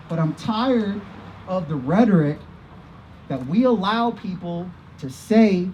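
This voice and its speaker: A man's voice: sits high, lively intonation, slow pace, a little mellow, muffled recording, a little hiss or hum. A man from Iowa giving an earnest personal testimony as a speaker at an outdoor vigil, repeating himself as his feelings rise. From Iowa, USA. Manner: earnest, impassioned storytelling with repetitions.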